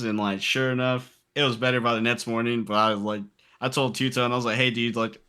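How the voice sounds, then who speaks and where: Late-20s man, bright voice, lively anecdote-teller for a chat podcast. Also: mid-range voice, a little fast, clear, resonant tone. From Texas. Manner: animated, acts out quotes in character. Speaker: podcast guest. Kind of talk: casual storytelling.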